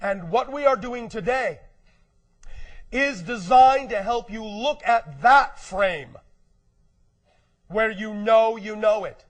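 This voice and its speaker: A man doing a high, slow, emphatic channeled lecture as a collective "we". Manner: slow, emphatic, declarative, often clears throat; speaks as a collective "we" addressing humans. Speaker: spiritual speaker.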